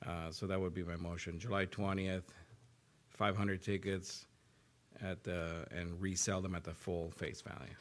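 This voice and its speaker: Flat-voiced councilman, hesitant and halting. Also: low voice. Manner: hesitant, restarts often. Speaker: council member. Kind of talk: casual remarks in a council meeting.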